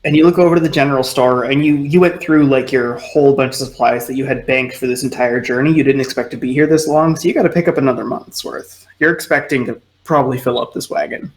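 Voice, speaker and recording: A man's voice: medium pitch, steady tone, quick pace, hardly any pauses, poor audio. A man running a tabletop game as game master, narrating loosely with lots of "like" and "sort of".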